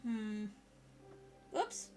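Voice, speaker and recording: A woman streamer with a fairly high, warm, animated voice talks very slowly over soft background music. She chats casually with her viewers while drawing, swearing freely and laughing often.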